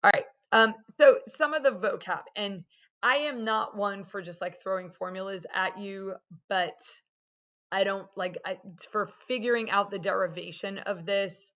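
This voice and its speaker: A woman's voice: medium pitch, a little slow, fairly bright tone. A woman math teacher explaining a lesson over slides in a casual, chatty way, with many fillers. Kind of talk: recorded video lesson. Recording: dull lo-fi sound.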